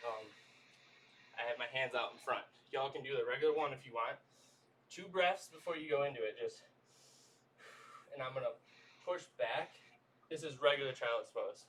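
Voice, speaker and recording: A man leading a livestream workout, coaching stretches in a relaxed, chatty way. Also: mid-range voice, far from the mic, a little hiss or hum. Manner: easygoing, coaching with lots of "y'all" and "okay?". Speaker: fitness trainer.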